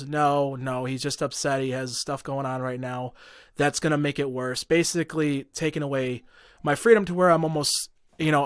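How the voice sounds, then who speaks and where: A man's voice: medium pitch, smooth, no echo. A young man telling a long personal story in a casual podcast chat, heated and profane, full of fillers and restarts. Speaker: podcast guest.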